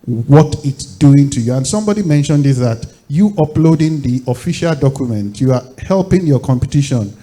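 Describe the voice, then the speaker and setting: A man's voice: medium pitch, animated, moderate pace, hardly any pauses, mellow. A man speaking as a panelist, giving advice point by point with frequent fillers. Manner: advisory, lists points with "you know" fillers. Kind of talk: panel discussion answer.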